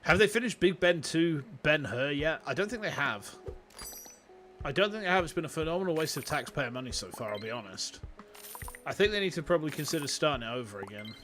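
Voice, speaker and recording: A man with a Yorkshire accent, chatting casually and excitably while livestreaming a game, swearing freely and greeting his chat. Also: on the high side, fairly quick, faint music behind. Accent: Yorkshire English. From Yorkshire, England. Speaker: streamer. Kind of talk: casual gaming livestream commentary. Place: warm room at home with fans running.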